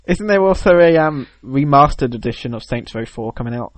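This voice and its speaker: A man's voice: mid-range voice, lively intonation, fairly quick, dry recording. A man co-hosting a casual chat about video games, rambling and joking and acting out little scenes. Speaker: podcast co-host.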